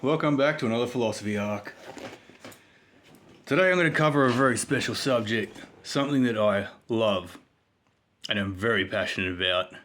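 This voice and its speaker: A man's voice: on the low side, normal speed, pauses often, a bit bright. A man giving a rambling, jokey self-help monologue for his vlog. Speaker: vlogger.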